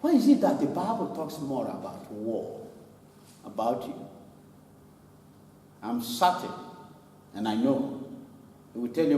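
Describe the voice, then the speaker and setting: Animated preacher man in an echoey hall. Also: medium pitch, measured pace, pauses often, far from the mic. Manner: animated preaching, laughing and mimicking others. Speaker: pastor. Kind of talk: sermon. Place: church hall.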